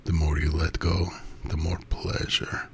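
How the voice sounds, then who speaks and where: A man voicing a commanding but gentle male lover, who speaks low and kind in a gravelly voice with a slow, hypnotic cadence. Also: little pitch movement, slight background noise.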